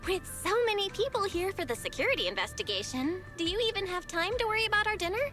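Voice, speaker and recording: A woman's voice: very high-pitched, very animated, quick pace, bright, forceful tone, faint music behind, full character voice. An actress playing a blunt, curious young woman in a game. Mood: direct. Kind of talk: game voice acting.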